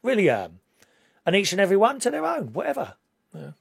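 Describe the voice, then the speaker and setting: A man's voice: high voice, wildly swooping pitch, a little fast, creaky, breathy edge, dry recording, studio quality. A man with a British accent talking casually to camera in a rambling, opinionated way, now and then rising to indignant outbursts. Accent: British English. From Britain. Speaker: vlogger.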